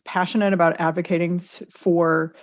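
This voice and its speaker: A woman's voice: fairly low pitch, little pitch movement. Thoughtful woman guest, dull lo-fi audio. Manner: thoughtful, pauses and restarts. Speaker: attorney, podcast guest. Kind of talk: casual panel discussion.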